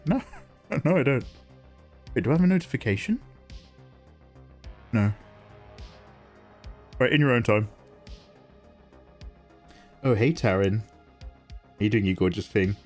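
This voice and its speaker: A man's voice: medium pitch, lively intonation, takes it slowly, pauses often. A man chatting casually with viewers on a live art stream while drawing, playfully snarky and greeting people by name. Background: faint synth music.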